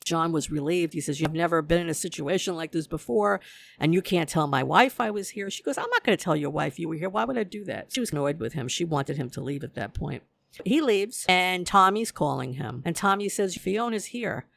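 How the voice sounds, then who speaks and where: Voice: mid-range voice, lively intonation, fairly quick, gravelly, fairly bright tone, dry recording. A host giving a casual episode recap, retelling scenes and acting out the characters' lines.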